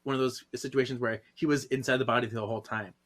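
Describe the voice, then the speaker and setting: Here is a man in casual podcast chat, walking through a comic issue with a middle-pitched, ordinary voice. He laughs often and reads lines from the pages aloud as he goes. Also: fairly even intonation, quick pace, a bit bright. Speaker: podcast panelist.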